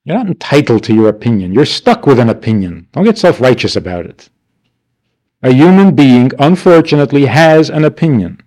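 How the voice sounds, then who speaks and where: A man's voice: mid-range voice, very animated, a little fast, darkish tone. A man teaching a class, asking rhetorical questions and answering them himself with wry, mock-indignant asides. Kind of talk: class lecture.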